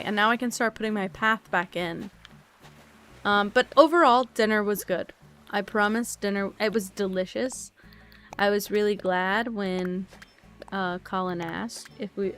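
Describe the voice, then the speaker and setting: Tired woman, relaxed streamer chat, soft-spoken, rambling, thinking out loud, mid-pitched voice, faint music behind. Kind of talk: relaxed casual chat while playing a game.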